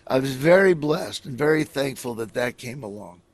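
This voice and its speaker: A man's voice: medium pitch, expressive, normal speed, dry recording. A middle-aged man from Nebraska, a comedian telling rambling stories in a casual interview, acting out other people as he goes.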